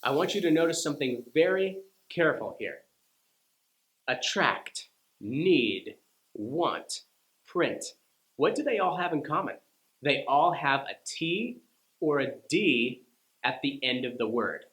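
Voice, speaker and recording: A man teaching English pronunciation, speaking slowly and deliberately and carefully sounding out example words for learners. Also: a little high, lively intonation, a bit bright. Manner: slow, deliberate, over-articulated demonstrations. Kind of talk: scripted lesson to camera. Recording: roomy echo.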